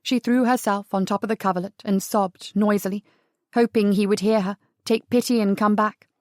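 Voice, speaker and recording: A woman's voice: mid-range voice, fairly even intonation, normal speed, a little mellow, dry recording. Woman narrating an audiobook, dry close sound. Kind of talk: scripted narration.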